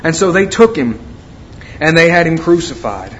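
A man's voice: fairly high pitch, big pitch swings, normal speed, fairly bright tone, lo-fi sound, slight background noise. A man preaching a sermon, reading scripture and retelling it in an earnest, emphatic way.

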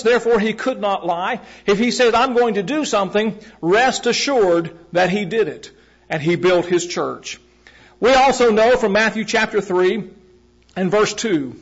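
A man preaching a sermon in a measured way, repeating key phrases for emphasis and asking the congregation direct questions. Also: very high voice. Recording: muffled, lo-fi recording.

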